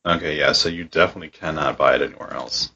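Guy cohosting a podcast, deep husky voice, swears a lot, kinda muffled audio. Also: fast talker, pushed and bright. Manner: profane, blunt. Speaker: podcast co-host. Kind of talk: casual podcast chat.

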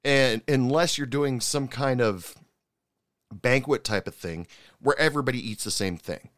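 A man speaking in a casual, frank rant, swearing freely and trailing through fillers and false starts. His middle-pitched voice is recorded close and dry, with no room sound. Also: moderate pace, fairly bright tone, no room sound. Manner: frank and profane, with many fillers and restarts. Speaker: viewer recapping a TV cooking show. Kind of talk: casual ranting commentary.

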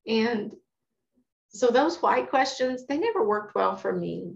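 A woman teaches from a psalm in a candid, heartfelt, conversational way, weaving in quoted verses. Her voice sits a little high. The recording sounds roomy and echoey, with a dull, lo-fi tone. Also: sing-song, measured pace, gravelly. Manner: earnest, candid and conversational, quoting scripture. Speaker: Bible teacher.

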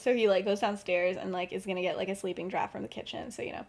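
A woman's voice: medium pitch, fairly even intonation, fast, creaky. A young woman on a podcast, casually retelling her fan-fiction story, chatty and full of "like" and "um". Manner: chatty, full of "like" and "um", laughs often. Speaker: podcast co-host.

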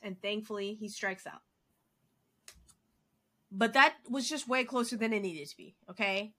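A woman co-hosting a casual sports podcast, recapping games in an animated, excitable way with lots of fillers. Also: medium pitch, measured pace. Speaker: podcast co-host.

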